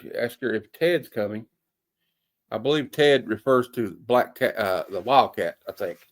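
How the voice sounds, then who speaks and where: A man's voice: medium pitch, lively intonation, normal speed. Brief: man in a mid-range voice, laid-back comic reviewer, hesitant and full of fillers, homespun turns of phrase. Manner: rambling, hesitant with many fillers; folksy sayings.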